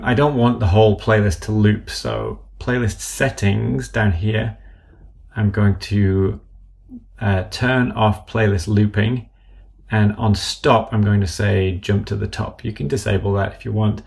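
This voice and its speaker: A man demonstrating drum practice software, thinking aloud step by step and murmuring drum stickings as he enters them. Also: lowish voice, steady tone, unhurried, gravelly. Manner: methodical, thinking aloud while clicking. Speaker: app developer demonstrating software. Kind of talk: screen-recorded software tutorial.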